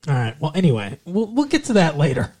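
A man's voice: a little high, wildly swooping pitch, fast talker, a little mellow. A man co-hosting a casual podcast, joking and teasing as he talks. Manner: joking, teasing, puts on silly accents. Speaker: podcast co-host. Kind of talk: casual chat.

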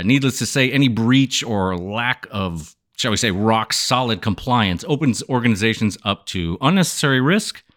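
Lively, smooth-voiced man hosting. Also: lowish voice. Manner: playful and showy, jokes with his listeners. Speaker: podcast host. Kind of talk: upbeat podcast hosting.

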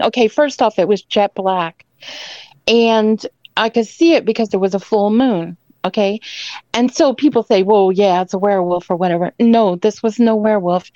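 A fairly high-voiced woman recounts her story in a rambling, emphatic way, pressing her points home as she goes. The sound is dull and lo-fi, and completely dry with no room around it. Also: a little mellow, no echo. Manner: rambling and emphatic, tags lines with "okay?". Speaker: caller telling an encounter story. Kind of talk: emotional first-person storytelling.

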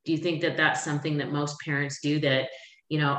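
A woman's voice: low-pitched, level tone, brisk, a bit bright. A woman hosting a podcast, asking reflective questions and reassuring her guest. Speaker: podcast host. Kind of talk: interview podcast. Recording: echoey room.

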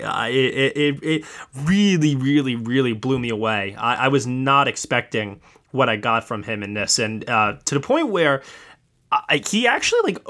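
A man hosts a relaxed movie review chat, and his voice has a bright, forward edge. He talks at a middle pitch with plenty of enthusiasm. He keeps tripping over his words and restarting mid-sentence. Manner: enthusiastic, halting with repeated restarts. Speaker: podcast host, film reviewer. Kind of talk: casual film review chat.

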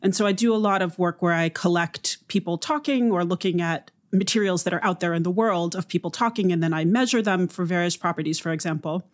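A woman professor with a fairly low voice explains her field in an interview. She speaks in a calm, measured way. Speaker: linguistics professor, guest.

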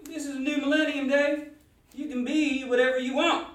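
An actor playing a crude, offhand male ranger sidekick with deadpan delivery. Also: extremely high pitch, moderate pace. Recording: roomy, distant-mic recording.

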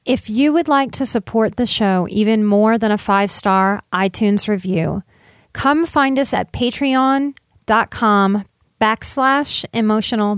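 A woman's voice: mid-range voice, no echo, studio quality. A woman hosting her own podcast, closing the episode with heartfelt, effusive thanks to listeners. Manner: warm, effusive, emotional gratitude. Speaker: podcast host. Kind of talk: podcast outro, casual and heartfelt.

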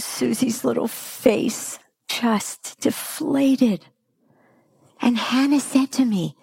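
Animated woman giving a parenting talk. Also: slow, creaky, husky, dry recording, studio quality. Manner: animated, acts out quotes with big pitch jumps. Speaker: parenting coach speaker. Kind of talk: motivational talk to an audience.

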